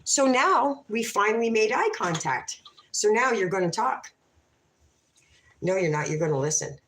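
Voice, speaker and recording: A woman's voice: mid-range voice, very animated, normal speed, a bit bright. Brash, profane Canadian woman host, storytelling live in an echoey room. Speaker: livestream host. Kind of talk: casual storytelling livestream.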